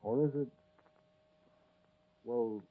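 An actor with an American accent playing a young soldier turned ex-convict, narrating and talking in a 1940s radio drama. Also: male voice, mid-range voice, very slow. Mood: brooding. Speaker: narrator and lead character. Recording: tinny old radio broadcast recording.

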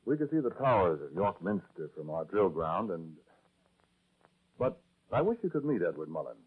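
An actor with an American accent playing a young soldier turned ex-convict, narrating and talking in a 1940s radio drama. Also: male voice, deep voice, sing-song, moderate pace, husky, heavily acted. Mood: reminiscing. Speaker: narrator and lead character. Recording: tinny old radio broadcast recording.

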